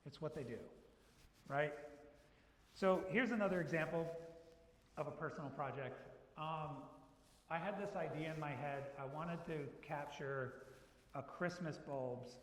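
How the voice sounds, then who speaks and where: A photographer giving a club presentation, an adult who grew up in the 1980s, tells chatty, anecdotal stories and acts out quoted dialogue. His voice is a little high and a little slow, with long pauses. A room mic picks him up in an echoey hall.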